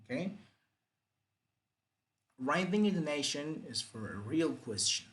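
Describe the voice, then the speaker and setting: A man's voice: fairly high pitch, big pitch swings, measured pace, a bit bright, poor audio. A man teaching English grammar, repeating example sentences with exaggerated rising and falling intonation. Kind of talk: grammar lesson.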